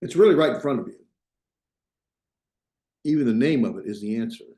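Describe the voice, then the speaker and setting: Guy teaching a hebrew grammar class, warm mellow voice, roomy echo, thinks out loud and keeps checking on students. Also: mid-range voice, lively intonation, brisk. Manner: explains step by step, thinks aloud and checks in with students. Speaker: Biblical Hebrew instructor. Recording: echoey classroom.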